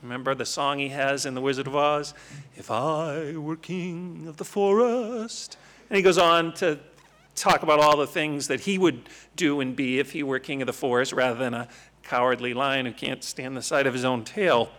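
A man giving an animated, conversational Bible teaching, with frequent rhetorical questions. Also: mid-range voice, a little fast.

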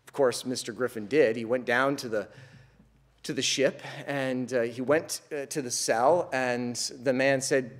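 Slow, earnest male preacher. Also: mid-range voice, steady tone. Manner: slow, earnest storytelling that swells into emphatic preaching. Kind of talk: sermon with illustration story.

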